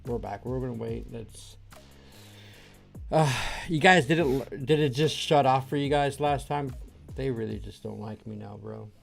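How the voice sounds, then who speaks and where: A man hosting a casual livestream, with a gravelly, creaky voice. He rambles through loose chat, swears freely and leans on fillers like dude and bro. Soft music plays faintly behind him. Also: medium pitch, a little slow. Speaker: livestream host.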